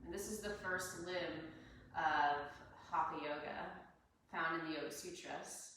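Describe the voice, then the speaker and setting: A woman yoga teacher leading a class, talking students through their breathing in a calm, unhurried way. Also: low-pitched, slight background noise. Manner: calm, unhurried guidance with soft laughs. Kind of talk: guided breathing instruction. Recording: echoey room, voice a bit far from mic.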